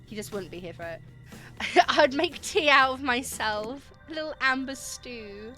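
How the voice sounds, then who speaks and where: A woman's voice: high-pitched, lively intonation, unhurried, faint music behind. A woman streamer chatting casually and giggling while she plays a dating game and thanks viewers for gifted subs. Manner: giggly and chatty, reacting loudly.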